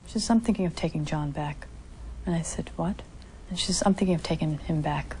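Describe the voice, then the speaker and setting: A woman recounting personal memories in an interview, acting out what others said to her with lively shifts in voice. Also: low-pitched, fairly quick, a little hiss or hum. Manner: acts out quoted dialogue with lively shifts. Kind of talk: candid storytelling interview.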